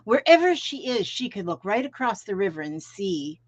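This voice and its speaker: A woman's voice: medium pitch, big pitch swings, moderate pace, dry recording. A middle-aged woman from Florida, rambling in folksy, casual chat as she hosts a crafting live stream from home and greets viewers by name. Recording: dull lo-fi stream audio, dry.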